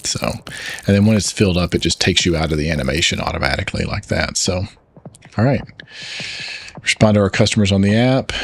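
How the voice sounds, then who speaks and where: Man, Southern US accent, low voice; easygoing, self-deprecating gaming commentary. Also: animated, a little fast, long pauses, background noise. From Arkansas. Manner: chatty, explains controls, self-deprecating. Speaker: gaming channel host. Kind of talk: casual let's play commentary.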